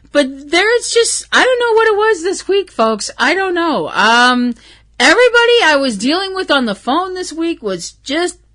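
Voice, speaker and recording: Woman podcast host, higher voice with lively swings in pitch, rambling and candid with frequent swearing, a touch stuffy-nosed. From Irish and Canadian heritage. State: stuffy from hay fever. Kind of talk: casual solo podcast rant.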